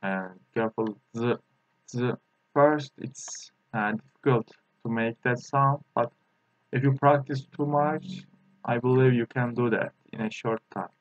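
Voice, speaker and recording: A man teaching a language lesson, a Turkish native speaker, talking in a halting way with many fillers and repeating sounds slowly for practice. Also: mid-range voice, no room sound, dull audio.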